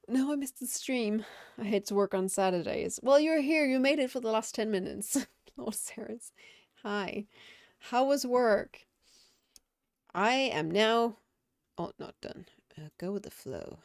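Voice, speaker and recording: A woman's voice: fairly low pitch, creaky, dry recording, clean studio sound. A woman game streamer chatting casually and reflectively on a live stream, often laughing.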